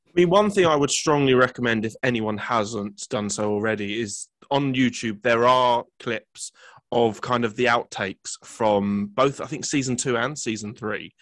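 A man's voice: medium pitch, moderate pace, a bit bright, dry recording. Guy interviewing, mid voice, rambly questions, dry close sound. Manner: earnest, rambling questions with fillers. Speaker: interviewer host.

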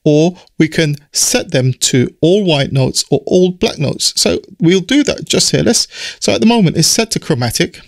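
Man, croaky voice, relaxed step-by-step software tutor, dry close mic. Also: on the high side, moderate pace, no echo. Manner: explanatory, step-by-step, relaxed with fillers. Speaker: music production tutor. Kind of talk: screen-recorded software tutorial. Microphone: studio mic through audio interface.

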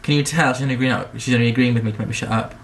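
A woman's voice: rumbling low, fairly even intonation, racing, heavy background noise. Tipsy English woman vlogger, young, rambling silly chat. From England. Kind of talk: casual chat.

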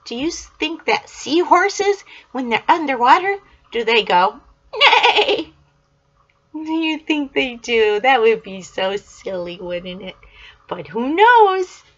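A woman's voice: on the high side, big pitch swings, unhurried, muffled recording. Sing-song older woman reading to kids. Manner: sing-song, asks the listener questions and praises answers. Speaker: storytime host reading a picture book to children. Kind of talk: gentle read-aloud to young children.

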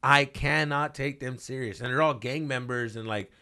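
Bright-voiced man swearing through a podcast rant. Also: medium pitch, moderate pace, clear, resonant tone. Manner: profane, animated storytelling with mock voices. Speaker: podcast co-host. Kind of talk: casual comedic chat.

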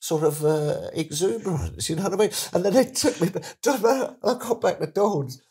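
A middle-aged man tells stories as an interview guest, chatty and animated, slipping into excited voices when he quotes people. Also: high-pitched, moderate pace. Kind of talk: casual storytelling interview.

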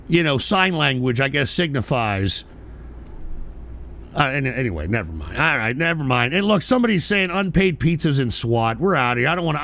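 A man hosting a live stream, ranting in a profane, combative way with sarcastic asides and sudden bursts of shouting. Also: a little high.

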